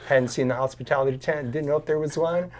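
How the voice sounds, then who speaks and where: A man's voice: a little high, fast, a little hiss or hum. A man telling a story on a podcast, acting out the voices of the people in it. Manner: animated storyteller acting out quotes. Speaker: podcast guest. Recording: video call.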